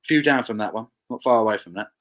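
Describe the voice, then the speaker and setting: A man's voice: fairly low pitch, expressive, fast, low-quality recording. A man hosting a casual beer livestream, reading out viewer comments and chatting about them. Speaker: livestream host.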